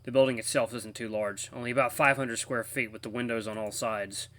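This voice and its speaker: Fairly quick and medium-pitched, another let's play host talks casually and reads a visual novel's narration with expressive delivery. He's animated and laughs as he goes.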